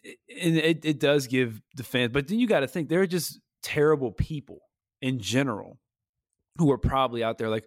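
A man co-hosting a podcast, with a mid-pitched voice recorded close and dry. He talks in a heated, animated, slangy way and often jumps his pitch up for emphasis. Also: moderate pace, no echo. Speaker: podcast co-host. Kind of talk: casual podcast chat.

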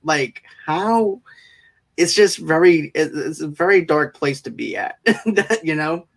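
A man hosting a casual interview, talking in quick, enthusiastic bursts and often speeding up. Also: fairly high pitch, expressive, creaky. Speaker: interview host.

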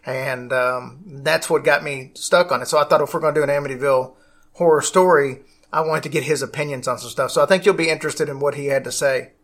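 A man's voice: fairly high pitch, fairly even intonation, quick pace, a bit bright. A man hosting a casual podcast, rambling along and often restarting his sentences. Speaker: podcast host.

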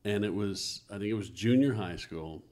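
A middle-aged podcast host with a lowish voice and moderate pace leads a casual family conversation. He's an animated storyteller, sharing childhood stories and laughing often.

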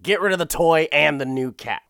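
A young man recaps an episode with a smooth, clear voice that sounds dry and close-miked. He rambles, swears freely and laughs between his sentences. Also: on the high side, normal speed, fairly bright tone, no room sound. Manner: rambling and profane, with frequent laughs and restarts.

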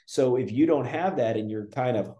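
A man's voice: medium pitch, moderate pace, mellow, lo-fi sound. A man talking as a spiritual guest in casual conversation, rambling with frequent restarts and fillers. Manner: rambling, with many restarts and "you know" fillers. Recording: roomy echo.

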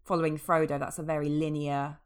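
A woman's voice: sits low, level tone, fairly quick, clean tone. A woman co-hosting a casual chat, talking with enthusiasm and many small fillers and restarts. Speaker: podcast co-host. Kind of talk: casual chat about a fantasy TV series.

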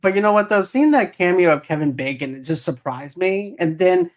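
A man's voice: high-pitched, lively intonation, brisk. A man co-hosting a casual movie review chat, animatedly retelling scenes and acting out the characters' lines. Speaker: podcast co-host.

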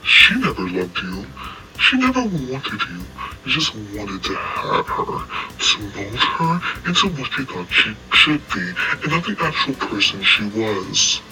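A man voicing a weakened but defiant young man in an audio story, quiet and bitter. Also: on the low side, very animated, measured pace, heavily acted, poor audio. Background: background music.

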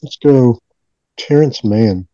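A man guesting on a casual podcast, a former professor with a slow, laid-back way of talking. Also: medium pitch, dark tone, no room sound, dull audio. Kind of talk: casual chat.

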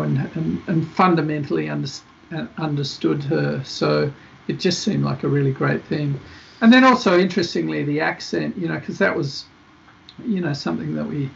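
Rambling male director, gravelly. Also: fairly high pitch, a little hiss or hum. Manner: rambling, many fillers and restarts. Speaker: film director guest. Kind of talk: casual interview chat. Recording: dull lo-fi podcast audio.

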